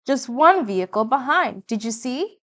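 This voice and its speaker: A woman's voice: on the high side, animated, moderate pace, a bit bright. A woman reading aloud the lines of an eager Cuban mother devoted to the revolution. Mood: insistent. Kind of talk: audiobook reading.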